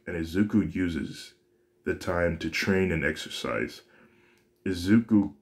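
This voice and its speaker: A man casually narrating a fan-made story, often stopping to restart and correct himself. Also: low-pitched. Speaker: story reader.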